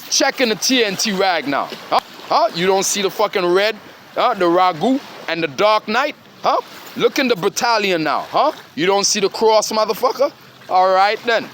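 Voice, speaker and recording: A man's voice: high voice, fairly bright tone, a little hiss or hum. A man delivering a rambling, confrontational monologue, profane and repeatedly demanding "huh?".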